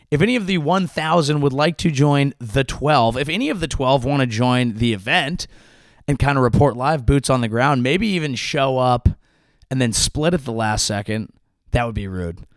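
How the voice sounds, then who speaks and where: A man's voice: mid-range voice, vocal fry, no echo, clean studio sound. A man hosting his comedy podcast, delivering a sarcastic, rambling monologue full of restarts.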